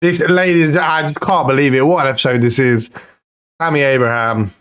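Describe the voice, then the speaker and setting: A man commentating his own football management game, excitable and pleading at the screen, swearing now and then. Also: mid-range voice, normal speed, clear, resonant tone. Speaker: gaming YouTuber.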